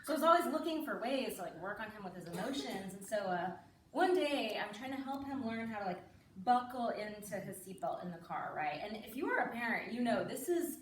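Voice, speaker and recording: A middle-aged woman does a stand-up set on a live stage, chatty and confiding, frequently ending lines with "right?". Her fairly high voice moves with lively intonation at a slightly fast clip, and the distant, roomy recording carries a little hiss or hum.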